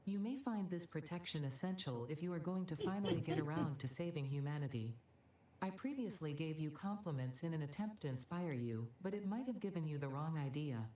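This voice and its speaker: Brief: deadpan female game AI, very low and dark, synthetic-processed, sarcastic. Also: brisk, far from the mic, slight background noise. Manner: calm announcer delivery with deadpan sarcasm. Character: female factory AI assistant, dry and sardonic. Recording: echoey game audio heard from afar.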